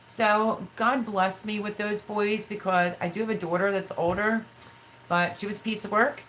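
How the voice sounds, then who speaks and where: A woman's voice: mid-range voice, fairly even intonation, normal speed, a bit bright, slight background noise, low-quality recording. A middle-aged woman hosting a casual live stream, talking candidly and emotionally in a rambling way while reading viewer comments. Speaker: livestream host.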